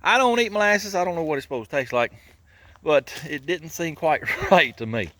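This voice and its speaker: A man's voice: a little high, animated, normal speed, bright, forceful tone. Chuckling man in his garage. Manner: folksy, chuckling, grumbles about engineers. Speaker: garage channel host. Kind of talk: casual workshop narration.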